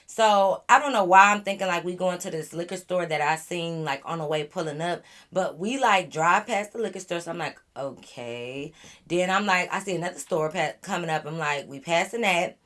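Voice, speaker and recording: A woman with a somewhat low voice tells a storytime on her vlog. She talks casually and animatedly in loose slang. She throws in swearing and irritated asides. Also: fairly quick, few pauses, a bit bright. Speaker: vlogger.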